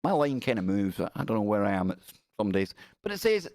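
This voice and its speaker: A man's voice: fairly low pitch, sing-song, fast talker, few pauses, a little mellow, dry recording, clean studio sound. A middle-aged man hosting a live stream, giving sarcastic, exasperated commentary on the news.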